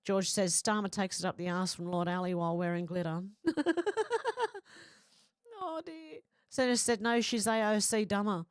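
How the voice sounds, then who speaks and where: A woman's voice: mid-range voice, moderate pace, smooth, dry recording, clean studio sound. Blunt Australian woman reading chat. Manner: blunt, opinionated, reads comments aloud. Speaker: livestream host. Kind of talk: casual livestream chat reading viewer comments.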